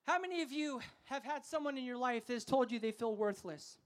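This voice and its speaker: A man preaching a sermon to a festival crowd, fervent and calling for responses, sometimes rising to shouts. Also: extremely high pitch, a little fast.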